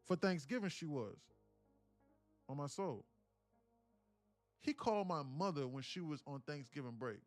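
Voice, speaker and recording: A young man hosting a live day-trading stream, talking casually and telling stories in animated, profane slang. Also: a little high, unhurried, long pauses, soft background music. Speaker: day-trading livestream host.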